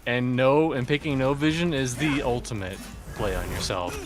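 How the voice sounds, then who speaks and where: A man's voice: medium pitch, moderate pace, over music. A man chatting casually on a game stream, making dry teasing quips at his co-host. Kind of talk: casual gaming stream chat. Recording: noisy background.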